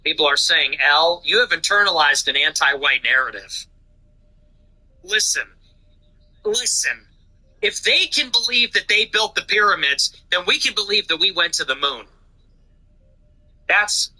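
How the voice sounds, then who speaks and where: A male livestream host who rambles and mocks, swearing freely. His voice is high and very bright, with a forceful, sharp edge. He talks in a loose, casual way. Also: lively intonation, a little slow, long pauses, breathy edge, poor audio. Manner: mocking, rambling, profane.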